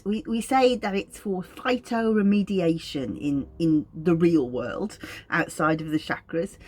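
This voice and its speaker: A middle-aged woman with a Wolverhampton accent, an aromatherapist explaining her practice to camera in a gentle, unhurried, thoughtful way. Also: lowish voice, slight background noise. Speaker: clinical aromatherapist.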